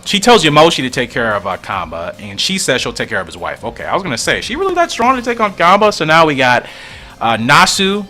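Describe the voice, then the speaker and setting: Man, casual comic commentary, musing, thinking aloud, lively pitch, faint music.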